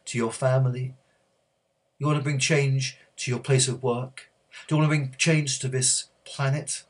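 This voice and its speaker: A man preaching, telling a story with many halting restarts and growing hushed and earnest. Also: mid-range voice, breathy edge. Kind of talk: sermon storytelling.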